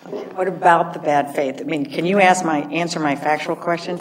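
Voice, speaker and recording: A woman's voice: sits low, steady tone, moderate pace. A woman judge questioning an attorney in a skeptical, direct way. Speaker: appellate judge. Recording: distant mic with faint noise.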